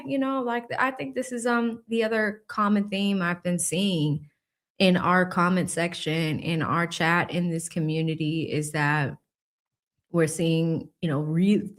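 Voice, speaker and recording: A woman hosting a casual livestream, reading viewer comments aloud and laughing as she mocks the people she talks about with quick impressions. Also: fairly low pitch. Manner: reads viewer super chats aloud, laughing and mocking. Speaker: livestream host.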